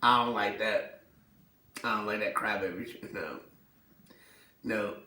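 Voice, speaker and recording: A man hosting a casual sports talk show, animated and slangy, laughing often and acting out what players said. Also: on the low side, far from the mic. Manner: animated, slangy, quick to laugh, acts out quotes. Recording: echoey room, voice set back from the mic.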